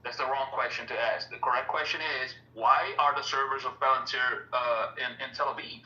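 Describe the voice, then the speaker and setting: A man with an Italian accent from Italy, calling in to a casual group chat and speaking haltingly with many restarts. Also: medium pitch, fairly even intonation, sharp tone. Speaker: caller. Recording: echoey, distant, dull sound.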